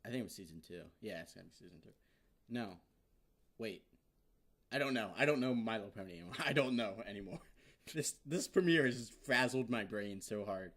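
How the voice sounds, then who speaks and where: Rambling, excitable man recapping an episode. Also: on the low side, brisk. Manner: excited, rambling, heavy swearing and filler words. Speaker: vlogger reviewing an episode.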